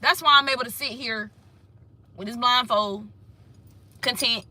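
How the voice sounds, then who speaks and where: A high, bright woman giving a casual tarot reading. She talks sassy and emphatic, swears freely and hammers her points home by repeating them. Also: unhurried, no room sound. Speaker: tarot reader.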